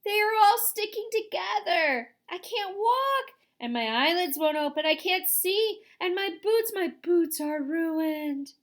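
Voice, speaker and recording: A woman's voice: very high voice, expressive, takes it slowly, few pauses, voice pushed up, exaggerated voice. A woman voicing a fussy, boastful male centipede in a storybook reading, wailing frantically. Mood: panicked.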